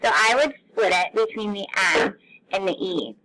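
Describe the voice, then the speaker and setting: Woman, teacher, bright tone, speaks to young children, stretches out words. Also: mid-range voice, expressive, normal speed, slight background noise, poor audio. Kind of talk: remote phonics lesson for young children.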